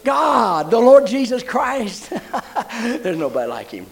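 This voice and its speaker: A man's voice: very animated, takes it slowly, creaky, rough recording. An older man preaching a sermon, telling a story and rising into fervent praise. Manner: fervent, rising to high emotional exclamations.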